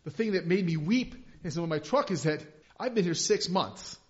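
A male pastor preaching a sermon, impassioned, swinging from hushed confession to loud emphasis. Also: high-pitched, lively intonation, normal speed. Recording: dull lo-fi recording.

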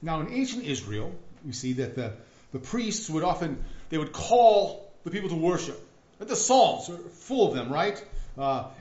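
A man preaching a sermon in a lively, conversational way, often checking in with "right?". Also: fairly high pitch, moderate pace. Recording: echoey room, dull lo-fi sound.

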